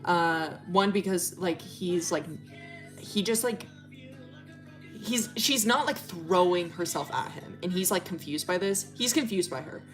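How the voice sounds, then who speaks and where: A woman's voice: on the low side, lively intonation, unhurried. A young woman livestreaming, casually telling a rambling story with lots of fillers and swearing. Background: faint music playing.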